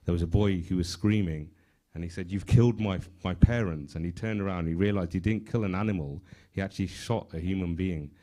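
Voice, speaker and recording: A man's voice: low-pitched, fairly even intonation, a little fast, dark tone. A man from the congregation retelling a story, hesitant and full of fillers, unsure of the details. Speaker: congregation member. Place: temple hall.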